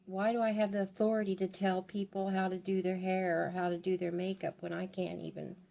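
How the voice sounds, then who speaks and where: A woman's voice: medium pitch, level tone, fairly quick, vocal fry, dark tone. An older woman and grandmother chatting in a rambling, confiding way while she does her hair for her vlog. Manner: rambling and confiding, with many restarts. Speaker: beauty vlogger. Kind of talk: casual chat while doing her hair.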